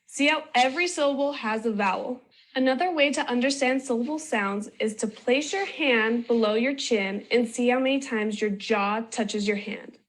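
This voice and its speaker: A woman presenting a children's phonics video in slow, clear, sing-song scripted narration. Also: fairly high pitch.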